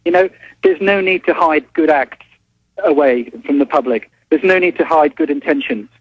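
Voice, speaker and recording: A man, a journalist calling in to a talk show, speaking haltingly with many restarts before pressing his point. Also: a little high, breathy edge, dry recording. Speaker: newspaper journalist guest. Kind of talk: phone-in interview. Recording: dull phone line.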